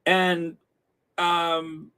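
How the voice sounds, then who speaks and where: A middle-aged man from the Midwest talks his way through a casual livestream in a fairly high voice. He reads viewer comments aloud at an unhurried pace, filling gaps with ums and easy chuckles. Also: level tone, bright, forceful tone, clean tone. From American Midwest. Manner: chatty, laughs often, reads comments aloud with frequent fillers. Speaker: host reading live chat.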